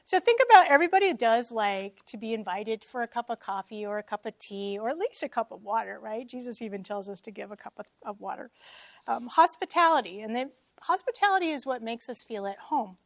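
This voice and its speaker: Woman, church talk, casual teaching, self-deprecating humor, fairly high voice, dry close sound. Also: a little fast, no room sound. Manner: self-deprecating, joking, lively asides. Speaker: church speaker.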